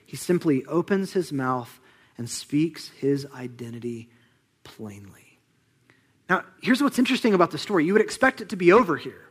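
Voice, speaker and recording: A young man preaching with lively, conversational energy, his voice sitting a little high. He acts out the people in the passage and sinks to near-whispers for weighty points. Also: moderate pace, breathy edge. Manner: animated, conversational preaching with dramatic drops to a hush. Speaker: pastor. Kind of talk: sermon.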